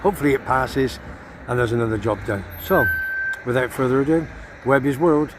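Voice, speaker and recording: A man's voice: mid-range voice, a little fast. An older English man from Gloucestershire, rambling cheekily through a casual vlog, filmed on a handheld phone outdoors. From Gloucestershire, England. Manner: chatty, cheeky, self-promoting. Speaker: vlogger. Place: outdoors on town streets. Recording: noisy outdoor phone audio. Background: traffic and street noise.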